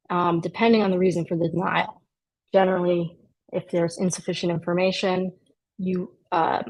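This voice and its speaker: A woman's voice: on the low side, creaky, a little mellow, rough recording. A woman immigration attorney explaining a legal process in a conversational way, with dry sarcastic asides. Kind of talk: explanatory talk to camera.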